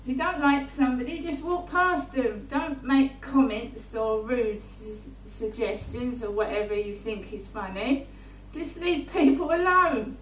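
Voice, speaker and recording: Woman vlogger, repetitive and slow-spoken, recorded at a distance in an echoey room. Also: a little high. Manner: repetitive, often checks in with "right?". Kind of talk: rambling personal monologue. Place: indoors in her flat. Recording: roomy, distant mic, faint hum.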